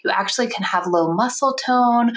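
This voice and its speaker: A woman's voice: a little high, normal speed, fairly bright tone. Earnest woman podcast co-host. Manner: earnest, laughs easily, explanatory. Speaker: podcast co-host, teacher and coach. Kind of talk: conversational podcast chat.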